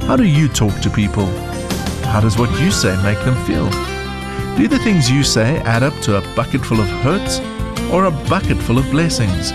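A man narrating a children's devotional story in a calm, gentle reading voice. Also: mid-range voice, moderate pace. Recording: dry, soft music behind.

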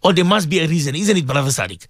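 Animated male radio host with lively pitch. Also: rapid-fire, no room sound, clean studio sound. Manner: animated, repeats words as he talks, pleading and exclaiming. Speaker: radio show host addressed as Maulana. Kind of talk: casual morning radio talk with listener messages.

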